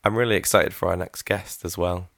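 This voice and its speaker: A man's voice: sits low, steady tone, fairly quick, vocal fry, a bit bright, dry recording, studio quality. A man co-hosting a podcast in casual chat, laughing often and restarting his sentences. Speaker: podcast co-host.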